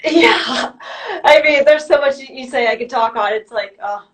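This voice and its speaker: A woman guest on a podcast, speaking reflectively and haltingly, often restarting her sentences. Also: high-pitched, rough recording. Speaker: guest, YouTuber. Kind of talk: conversational interview.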